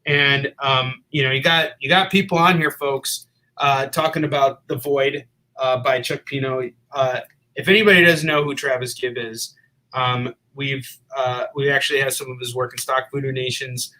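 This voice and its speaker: A man from the Midwest hosts a live comic-shop stream. His voice is bright and forward, his pitch sits mid-range, and he talks in a loose, chatty way, full of fillers as he plugs books. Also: steady tone, normal speed, low-quality recording. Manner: upbeat, lots of fillers and plugs. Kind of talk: casual live-stream chat.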